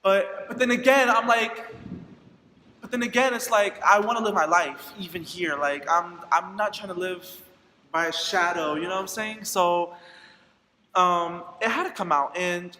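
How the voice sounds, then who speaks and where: A man's voice: high-pitched, moderate pace, pushed and bright, slight background noise. A young man vlogging a candid personal story, acting out quoted dialogue with plenty of fillers. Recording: echoey room with long reverb.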